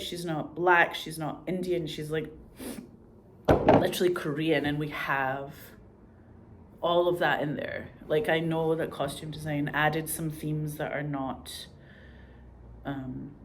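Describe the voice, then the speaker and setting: A woman's voice: deep voice, slight background noise. A woman in casual chat who swears freely and acts out the lines she quotes. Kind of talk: casual chat about TV shows.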